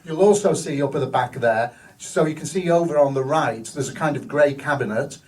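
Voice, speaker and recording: A man's voice: fairly high pitch, brisk, a little mellow, far from the mic, low-quality recording. A man, a hospital cinema manager telling rambling, enthusiastic stories in a live stage interview. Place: live show venue.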